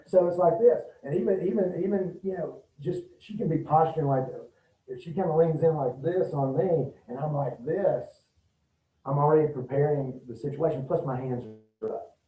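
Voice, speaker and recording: A middle-aged man giving a casual, folksy self-defense talk to a group, often acting out quick quoted lines. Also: a little high. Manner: folksy, demonstrative, acts out quick quoted bits. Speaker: martial arts instructor. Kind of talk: casual safety talk to an audience. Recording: roomy, distant, dull lo-fi sound.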